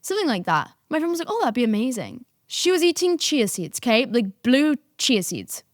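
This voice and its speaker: A young woman hosting a podcast, telling a story in a casual, animated way, swearing and breaking into laughter. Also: high-pitched, moderate pace, no room sound, studio quality. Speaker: podcast host.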